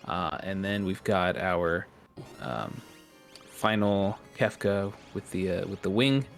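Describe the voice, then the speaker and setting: A man co-commentating a video game tournament in an upbeat, casual way and reading out shoutouts to viewers. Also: sits low, slow pace, creaky, faint music behind. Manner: upbeat, reads out subscriber shoutouts. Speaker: esports co-commentator.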